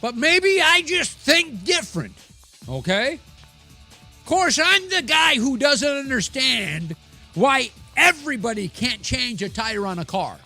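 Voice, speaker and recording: A man hosting a live football talk show, slow and theatrical, his fairly high voice swooping widely from dramatic lows to excited peaks. He rambles and teases his listeners with long asides. Soft music plays underneath. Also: gravelly. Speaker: sports show host.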